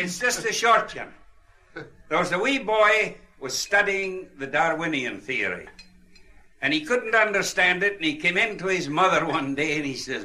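A man's voice: sits high, animated, moderate pace, pushed and bright, low-quality recording. A man with a Scottish accent telling jokes to an audience, chuckling as he goes. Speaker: comedian.

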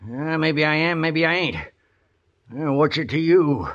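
An actor playing a grizzled, sly old outlaw with a broken leg, speaking in a gravelly Old West drawl with backwoods grammar, groaning and wheedling, in 1950s radio drama style. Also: male voice, fairly high pitch, expressive, takes it slowly, a bit bright, slight background noise, exaggerated voice. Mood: stubborn. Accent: American Old West drawl. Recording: dull old radio recording.

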